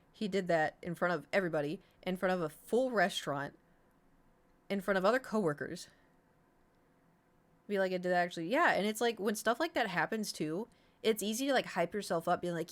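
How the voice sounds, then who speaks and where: A woman's voice: medium pitch, normal speed. A young adult woman streamer telling a rambling story in casual chat, swearing freely. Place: home room.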